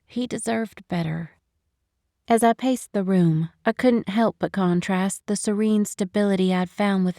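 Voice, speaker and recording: A woman narrating a first-person romantic audiobook, expressive and measured. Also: medium pitch, no room sound, clean studio sound. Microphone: studio microphone, close.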